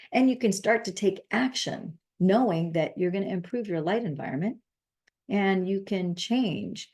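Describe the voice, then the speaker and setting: A woman with a notably low voice hosts a casual wellness video, speaking straight to her viewers. She is earnest and emphatic, and she often repeats her key phrases to drive them home. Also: a little mellow. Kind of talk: casual monologue to camera.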